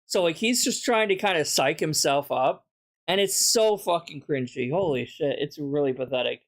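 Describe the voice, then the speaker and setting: A man's voice: a little high, expressive, normal speed. A man streaming a reaction to a video, talking casually, bluntly and mockingly, swearing often.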